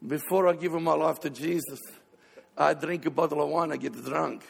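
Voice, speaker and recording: A pastor doing a solemn Italian old-timer. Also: male voice, on the high side, fairly even intonation, moderate pace, creaky, slightly rough, full character voice. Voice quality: broken English. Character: older Italian immigrant man giving testimony. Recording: long hall reverb.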